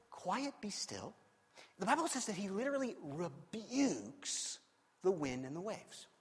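Animated preacher man with a high, lively voice. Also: husky, long reverb tail. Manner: animated, acting out scenes with shifting voices. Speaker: pastor. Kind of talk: sermon.

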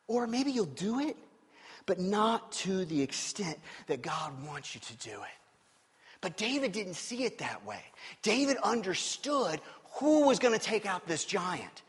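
A pastor delivers an animated sermon, his somewhat high, slightly husky voice carrying long reverb through a large sanctuary. He swings from punchy emphasis to quiet, earnest tones. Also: moderate pace. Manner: animated preaching, swinging from loud emphasis to low hushed tones.

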